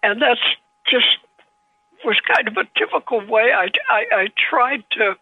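A woman in her nineties, an author telling anecdotes from her life over the phone. Her voice is husky and fairly high, and she speaks slowly with gentle, halting restarts. The line is thin and dry, like a tinny telephone. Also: expressive, dry recording. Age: 90s. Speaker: author guest.

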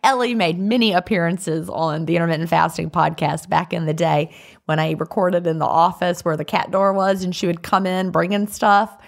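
A woman co-hosting a casual podcast, chatty and quick to laugh as she reads listener letters aloud. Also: lowish voice, fairly even intonation, gravelly. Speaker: podcast co-host.

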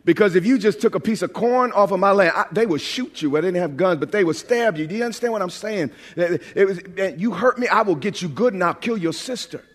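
A pastor from New York preaching a lively, humorous sermon, often repeating words as he builds a point. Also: high voice, fast, hardly any pauses. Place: large church sanctuary. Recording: long hall reverb.

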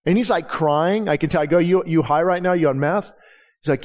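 Speaking fairly quickly in a fairly high, darkish voice, a middle-aged pastor gives a conversational sermon, voicing the dialogue in the stories he tells.

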